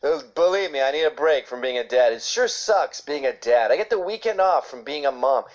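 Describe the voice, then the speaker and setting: A man doing a bragging dad who shouts and fake-sobs about how hard his life is. The self-pitying grown man swings his pitch all over the place. The sound is dull and lo-fi. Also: lively intonation, brisk, natural voice. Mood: mock whining. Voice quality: shouting, mock crying.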